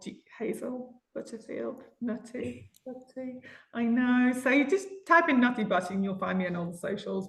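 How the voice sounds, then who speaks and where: A woman's voice: mid-range voice, a bit bright, roomy sound. A woman guest on a podcast, a radio host, talking in a friendly, easygoing way. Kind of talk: casual interview chat.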